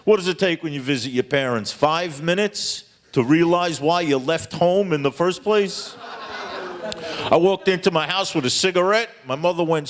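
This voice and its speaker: A man's voice: fairly high pitch, normal speed. A man performing a stand-up comedy set with punchy delivery, laughing at his own jokes.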